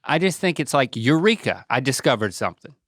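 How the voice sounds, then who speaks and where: A middle-aged man, hosting a casual podcast with lively, laughing, mock-exasperated reactions. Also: medium pitch, fast, dry recording, clean studio sound. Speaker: podcast host.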